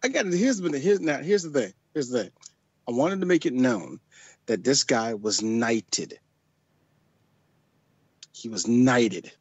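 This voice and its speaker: A man's voice: medium pitch, expressive, a little slow, long pauses, slightly rough, no room sound, lo-fi sound. A man co-hosting a casual movie chat, joking and teasing his friends. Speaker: podcast co-host.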